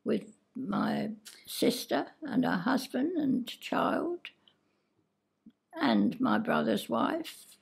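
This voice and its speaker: An older woman reminiscing haltingly about her childhood with her daughter over a cup of tea. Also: a little high, very animated. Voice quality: gravelly, husky. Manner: hesitant reminiscing. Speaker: host's mother. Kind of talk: casual reminiscing.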